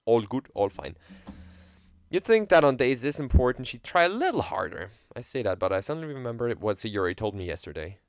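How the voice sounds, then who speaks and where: A man's voice: medium pitch, very animated, a little fast, no echo. A young man streaming, reading a visual novel aloud in a playful, joking way and chatting with viewers.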